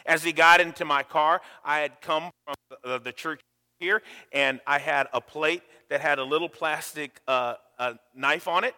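Man, pastor, sermon, bright voice, slightly high, long church reverb. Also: normal speed, clear, resonant tone. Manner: animated storytelling with sudden loud rises. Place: church sanctuary.

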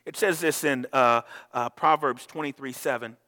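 A man preaching a sermon as pastor in a church, animated, with many restarts and questions thrown to the congregation. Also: mid-range voice, normal speed, long reverb tail. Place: church sanctuary.

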